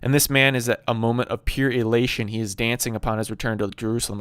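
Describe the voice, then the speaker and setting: A man's voice: mid-range voice, steady tone, quick pace, few pauses, a bit bright, no room sound, clean studio sound. A man giving a preachy monologue on a Bible story, emphatic and fond of rhetorical questions and repeated phrases. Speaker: video commentator on Bible stories.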